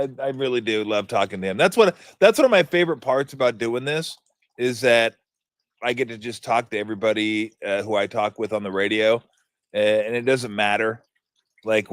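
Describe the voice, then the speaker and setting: A man's voice: lowish voice, steady tone, moderate pace, no room sound. A middle-aged man hosting a casual sports talk show, telling stories animatedly and laughing often. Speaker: podcast host.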